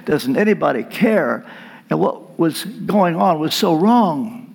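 A man preaches slowly, lingering on each phrase with long dramatic pauses. His voice runs somewhat high and rises and falls widely as he tells his story. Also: animated, gravelly, darkish tone, husky. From United States. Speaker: guest preacher. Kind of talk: sermon.

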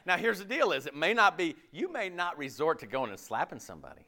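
A pastor giving a casual, jokey sermon, asking the audience questions and laughing often. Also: male voice, sits high, very animated, quick pace, few pauses, bright, forceful tone.

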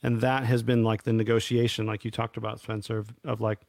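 Man, gravelly voice, hesitant reflective co-host, dry recording. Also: fairly low pitch, flat delivery, brisk, hardly any pauses, darkish tone, no room sound. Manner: hesitant, full of fillers and restarts. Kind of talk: casual reflective conversation.

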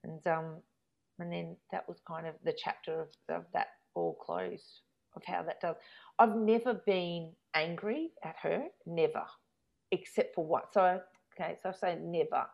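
A woman, chatting casually as she tells a long personal story, rambling and growing animated when she recounts arguments. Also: fairly low pitch, measured pace, vocal fry. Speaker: guest telling a life story. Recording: dull lo-fi recording.

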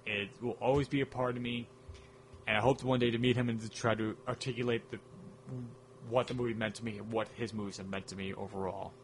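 A man's voice: fairly low pitch, fairly even intonation, brisk, slight background noise. A man co-hosting a casual film chat, rambling enthusiastically and humming music cues. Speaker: podcast co-host.

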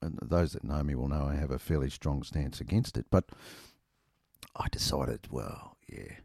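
A man's voice: rumbling low, normal speed, gravelly, a little mellow, husky, dry recording, studio quality. A middle-aged Australian man telling a rambling, self-mocking anecdote in casual chat, full of ums and uhs.

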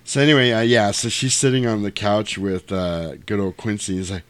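A man with a low voice chats casually as a podcast co-host, joking crudely and acting out scenes. The sound is dry and close to the mic, with no room echo. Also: steady tone, fairly quick, fairly bright tone, clear, resonant tone. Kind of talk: casual chat.

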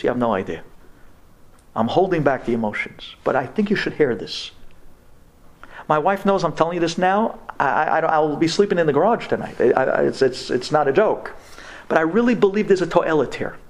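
Man, impassioned storyteller, stammering restarts, fairly high voice, live audience talk. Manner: sprinkles religious Hebrew and Yiddish terms. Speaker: speaker telling a personal story to an audience. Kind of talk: emotional personal storytelling talk.

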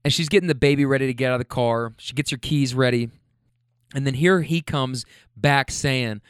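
A man's voice: mid-range voice, fairly quick, clean tone, dry recording, clean studio sound. A man telling a casual story about a couple he drove, loose, chatty and profane.

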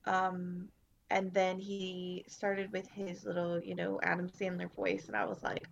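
A woman's voice: fairly low pitch, level tone, measured pace, vocal fry, dull audio, slight background noise. A woman in a casual movie review chat, hesitant and dryly wry. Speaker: podcast co-host.

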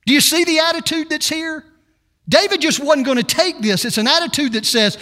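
A man preaching a sermon to his church, animated and emphatic, acting out quotes with attitude. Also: extremely high pitch, brisk, big-room sound. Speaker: pastor.

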